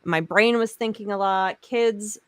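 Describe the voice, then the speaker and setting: Brief: a woman podcaster, mid-pitched, rambling casual chat, dry sound. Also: fairly bright tone, clear, resonant tone, no room sound. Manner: rambling, halting, laughs easily. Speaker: podcast co-host.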